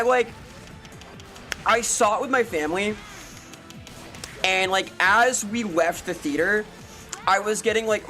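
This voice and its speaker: A woman's voice: on the low side, fairly bright tone. A woman streamer chatting casually with viewers, ranting and swearing with exasperation over faint background music. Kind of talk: casual live-stream chat answering viewers.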